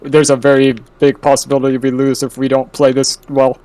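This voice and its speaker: A male player answering interview questions, excitable and laughing as he tells his story. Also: medium pitch, a little fast, dry recording, recorded from a distance, rough recording. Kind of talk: post-match interview.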